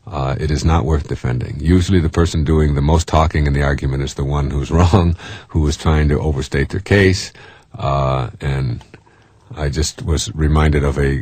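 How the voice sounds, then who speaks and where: A man's voice: a bass voice, a little mellow, slightly rough, no room sound. A man giving a motivational talk in a conversational way, often chuckling and acting out the voices of people he quotes. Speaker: self-help speaker.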